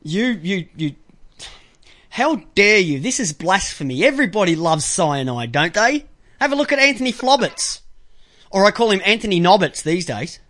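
A man's voice: sits high, moderate pace. A man with an Australian accent hosting a casual radio talk show, swearing freely and tripping over repeated words. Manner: profane, excitable, repeats words.

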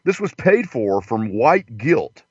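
A man's voice: medium pitch, sing-song, slow, darkish tone, slightly rough, no echo, exaggerated voice. A man voicing a pushy male casino owner who greets guests with salesy patter. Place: inside a parked car. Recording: dull lo-fi, dry.

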